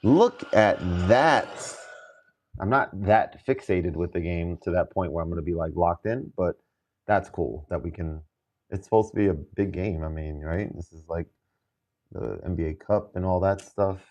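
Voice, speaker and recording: Low, mellow-voiced man chatting on a stream. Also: moderate pace. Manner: relaxed, thinking aloud while adjusting gear. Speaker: music producer livestreaming. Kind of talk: casual livestream chat.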